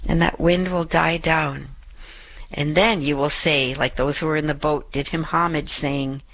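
A woman's voice: on the low side, a bit bright. A middle-aged woman hosting a faith show, giving an earnest spoken reflection on a gospel passage and repeating key scripture lines for emphasis. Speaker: radio show host.

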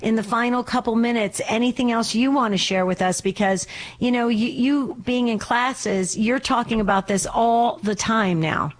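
A woman's voice: a little high, moderate pace. A woman co-hosting a call-in religious radio show, giving reassuring, encouraging counsel to callers.

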